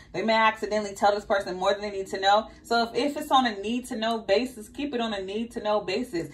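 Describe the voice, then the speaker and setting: A woman giving a casual tarot reading, urging and repeating her advice. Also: medium pitch. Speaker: tarot reader.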